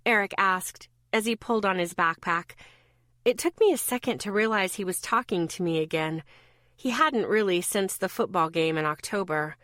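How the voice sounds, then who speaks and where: A woman narrating a first-person audiobook in a lively, upbeat and playful way. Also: fairly low pitch, normal speed, no echo, studio quality.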